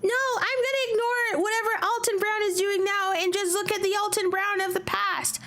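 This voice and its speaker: A woman's voice: very high-pitched, fairly even intonation, moderate pace, a bit bright. A woman from the American South chatting casually on a live stream, giggly and rambling.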